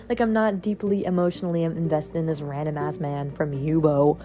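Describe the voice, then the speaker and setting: A woman's voice: low-pitched, normal speed, music in the background. Exasperated young woman telling a story. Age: young adult. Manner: exasperated, swearing, animated retelling. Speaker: podcast host. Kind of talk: casual storytelling.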